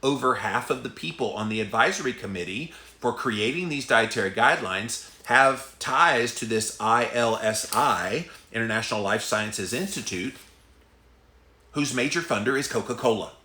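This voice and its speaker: Man, emphatic rant, forceful bright tone, talks to listeners directly, echoey room. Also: mid-range voice, lively intonation, normal speed. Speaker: podcast host ranting on diet. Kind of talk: impassioned solo rant. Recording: roomy echo.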